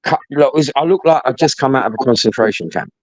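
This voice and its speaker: A man's voice: medium pitch, expressive, fast, low-quality recording. A middle-aged man, telling a story in casual chat, blunt and sweary, often repeating himself.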